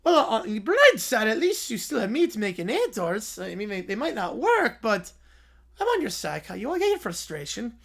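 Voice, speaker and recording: A man's voice: sits high, wildly swooping pitch, normal speed, vocal fry, a bit bright, full character voice. A man voicing a bumbling, theatrical middle-aged evil scientist who rambles and stammers. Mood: rambling.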